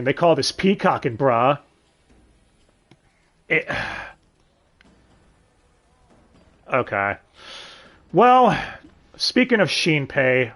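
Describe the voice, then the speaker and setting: Sarcastic man with a lively voice. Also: mid-range voice. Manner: sarcastic, swears often, sighs and asks the audience. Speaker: reviewer. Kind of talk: casual commentary.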